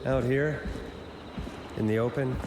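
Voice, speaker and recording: A man plays a lone hero in a horror video game who mutters uneasily under his breath. The voice sits in an echoey, roomy space. A clear hiss runs behind it. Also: medium pitch, fairly even intonation, unhurried, close to an everyday voice. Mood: uneasy. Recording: echoey hall with background hiss.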